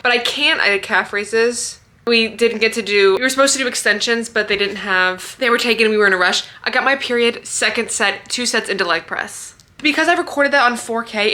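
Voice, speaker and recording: A woman's voice: on the high side, bright, forceful tone. A young woman in her twenties, a fitness vlogger talking casually to camera, rambling and emotional, with a stuffy nose from crying. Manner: rambling, emotional, swears freely. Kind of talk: casual vlog talk to camera. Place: walking outdoors, then at home.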